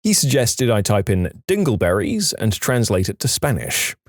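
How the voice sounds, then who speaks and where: A man reading storytime posts aloud in a scripted narration, lively and expressive. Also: on the low side, normal speed, no room sound, clean studio sound.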